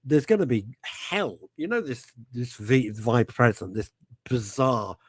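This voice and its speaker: This radio host's voice sits at a medium pitch with a breathy edge and no echo. His casual talk show banter is lively and full of jokes; he's quick to laugh and keeps abandoning sentences and restarting them.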